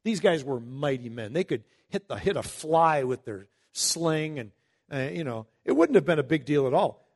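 A man preaching a Bible-teaching sermon in a conversational way, reading scripture slowly and breaking into emphatic asides. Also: a little high, big pitch swings, a little mellow. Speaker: pastor.

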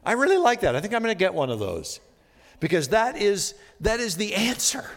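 A man preaching a sermon, reading scripture slowly and emphatically, then explaining it and rising into impassioned pleas. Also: high-pitched, wildly swooping pitch, in a large hall. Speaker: pastor.

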